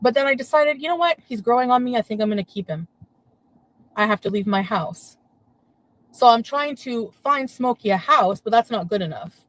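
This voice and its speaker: A woman's voice: fairly high pitch, animated, moderate pace, poor audio. A woman on a live stream, talking in a defensive, rambling way.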